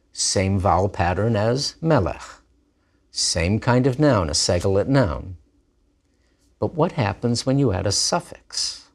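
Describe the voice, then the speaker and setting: A man giving a scripted lesson, lively and deliberate as he sounds out words. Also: on the low side. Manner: animated, plays with vowel sounds. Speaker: teacher.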